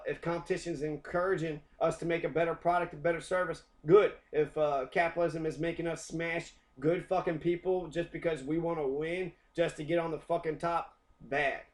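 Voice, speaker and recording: A young adult American man delivering a heated, profane rant, often repeating himself. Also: fairly high pitch. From United States. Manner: profane, heated, repetitive ranting. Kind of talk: angry rant.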